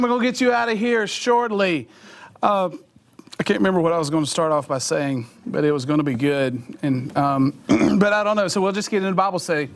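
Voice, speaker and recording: A man's voice: high voice, fairly quick. A youth pastor, a man leading a live Bible study, talking casually, joking and asking the room questions.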